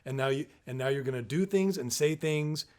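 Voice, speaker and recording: A man's voice: medium pitch, brisk, a little mellow. A man co-hosting a casual parenting podcast, explaining and telling stories. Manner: storytelling, explanatory. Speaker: podcast co-host.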